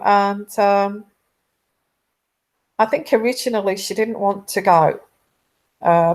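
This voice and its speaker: A woman gives a chatty tarot reading at a slow, unhurried pace. She rambles and often stops to restart her sentences. Her voice sits at a middle pitch. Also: a little mellow. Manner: rambling, halting, many restarts. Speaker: tarot reader. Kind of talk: casual intuitive reading chat.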